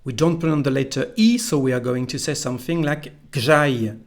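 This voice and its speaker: A man with a French accent, a native French speaker, teaching a pronunciation lesson slowly and carefully, repeating each phrase for the learner. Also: a little high, expressive.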